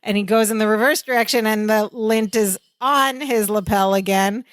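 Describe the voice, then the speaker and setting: A woman's voice: mid-range voice, fairly even intonation, normal speed, dry recording, clean studio sound. A woman co-hosting a sitcom rewatch podcast, talking through scenes in an analytical, chatty way. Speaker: podcast co-host. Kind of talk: casual podcast recap chat.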